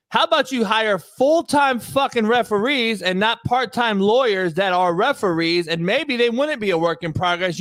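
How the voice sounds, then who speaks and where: A rowdy male sports talk host with a high, bright voice. He banters loudly, swears freely and laughs often, and his voice sounds dry and close to the mic. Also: clean tone, no room sound. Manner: loud, laughing, profane banter.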